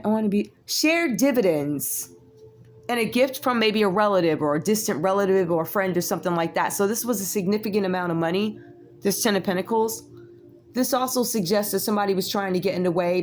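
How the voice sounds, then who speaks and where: A woman, giving a casual tarot reading with sassy, chatty asides to her viewers. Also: mid-range voice. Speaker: tarot reader.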